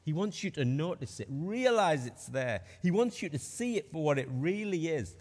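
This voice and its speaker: A man's voice: a little high, very animated, normal speed, a little mellow, big-room sound. A middle-aged man preaching a sermon, emphatic and full of rhetorical questions.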